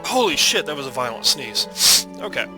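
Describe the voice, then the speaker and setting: Loud joking let's play guy. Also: medium pitch, very animated, normal speed. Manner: crude, loud, joking asides. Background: game music.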